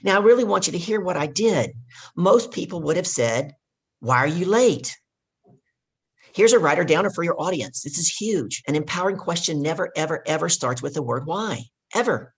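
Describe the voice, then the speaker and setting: A woman's voice: lowish voice, animated, brisk, slightly rough. A woman guest and life coach telling a coaching story with energy, hammering home her key points. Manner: emphatic, repeats key points.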